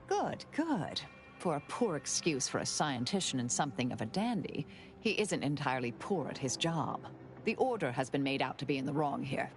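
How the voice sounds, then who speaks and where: A formal female factory owner in a video game, speaking in a measured way. Her voice sits very low, and game music plays clearly beneath her. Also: very animated, full character voice. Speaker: game character. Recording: game audio with music underneath.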